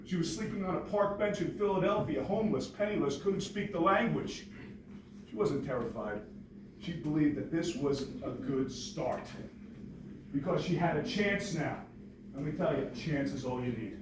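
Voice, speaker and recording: A man's voice: fairly high pitch, moderate pace, recorded from a distance, noisy background. Man telling his story in an echoey hall. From New York. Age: 40s. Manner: lively, joking, storytelling. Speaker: motivational speaker. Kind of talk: storytelling speech to an audience. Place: large hall with audience.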